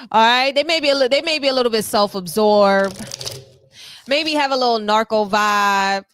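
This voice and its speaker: A woman with a high voice reads tarot cards for her viewers in a sassy, slangy way. She tosses off quick, playful asides and acts out little quoted lines. The sound is dry and close. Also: fairly bright tone, no room sound. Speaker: tarot reader.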